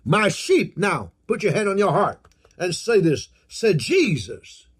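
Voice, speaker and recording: A male preacher with a high, husky voice delivers a slow sermon, his pitch swinging widely as he stresses each phrase. He leads call-and-response, repeating emphatic declarations. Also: very animated.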